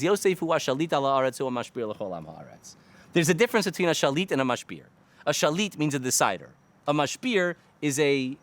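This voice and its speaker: High-voiced guy teaching torah, super animated, keeps asking questions and repeating himself. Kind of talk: lively Torah lecture.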